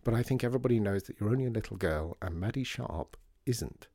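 A man voicing a gentle, wry widowed father who talks tenderly to his small daughter in a storybook. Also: lowish voice, animated, fast, no room sound, studio quality. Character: gentle widowed father, middle-aged, fond.

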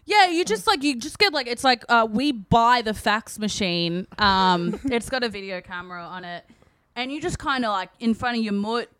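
Young female co-host, casual and profane, laughs often; higher voice, dry recording. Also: lively intonation, normal speed, a bit bright, clean tone, no echo. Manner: laughing, profane, reads aloud. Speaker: podcast co-host. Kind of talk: casual chat.

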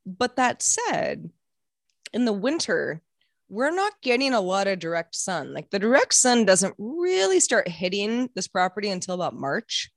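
A woman's voice: mid-range voice, very animated, a little slow, gravelly, no room sound, studio quality. A young woman hosting a podcast, chatting casually and rambling, acting out quotes in playful voices. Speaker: podcast host. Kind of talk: casual chat.

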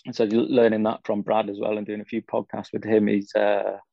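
A young Englishman chats in a gravelly, flat, low voice, rambling easily with lots of fillers. The sound is dull and lo-fi, and the room is dry with little echo. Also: brisk. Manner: easygoing, rambling, frequent fillers. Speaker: cycling pundit guest. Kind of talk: casual interview chat.

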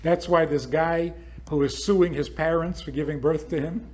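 A man's voice: on the high side, steady tone, moderate pace, darkish tone. A man hosting a podcast, giving a spiritual talk full of rhetorical questions. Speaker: podcast host.

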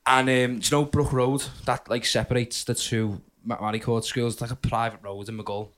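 A man's voice: mid-range voice, level tone, fairly quick, fairly bright tone. A young man, a podcast co-host telling a funny story in casual chat, laughing often and acting out his younger self.

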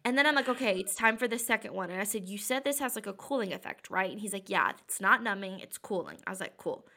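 Bright, animated woman storyteller with a sore throat, casual podcast chat. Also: medium pitch, quick pace. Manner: animated storyteller, quoting others in lively bursts. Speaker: podcast co-host.

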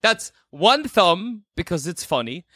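A man's voice: sits high, big pitch swings, a little slow, fairly bright tone, no room sound, clean studio sound. A man hosting a casual game podcast, playful and jokey, laughing often. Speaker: podcast host reviewing games. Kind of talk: casual chat.

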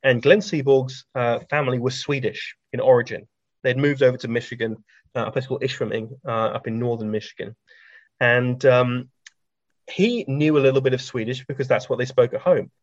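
A man telling anecdotes in a relaxed interview, chatty, full of ums and restarts, laughing at his own stories. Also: medium pitch, brisk, no room sound. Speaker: science author and guest. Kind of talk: anecdotal conversational storytelling. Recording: dry, slightly dull lo-fi recording.

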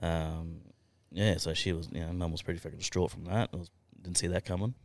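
A man's voice: low-pitched, fairly even intonation, a little fast, dry recording. An Australian man telling stories in a casual podcast chat, blunt and swearing freely as he laughs through his stories. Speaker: podcast guest.

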